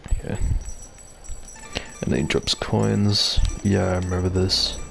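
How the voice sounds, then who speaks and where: A man's voice: low-pitched, fairly even intonation, slow pace, gravelly, a bit bright, soft background music. A man giving casual, rambling commentary as he plays a video game, reading on-screen text aloud. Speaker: gamer.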